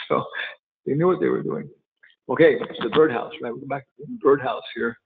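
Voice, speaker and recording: Speaking at normal speed with lively intonation, this spiritual teacher has a gravelly, medium-pitched voice. His scripture class is casual and chatty, full of laughing asides and quotes he acts out. The audio comes across tinny and phone-like in an echoey hall.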